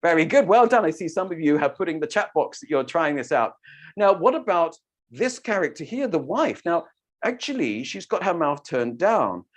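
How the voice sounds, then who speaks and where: A storytelling teacher leading an online workshop, demonstrating voices and mouth shapes with animated delivery. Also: medium pitch, moderate pace.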